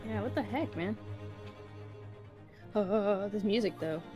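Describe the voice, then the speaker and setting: A woman's voice: medium pitch, takes it slowly, dark tone, soft background music. Easygoing woman co-streamer. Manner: laughing, easygoing. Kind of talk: casual chat during a game stream.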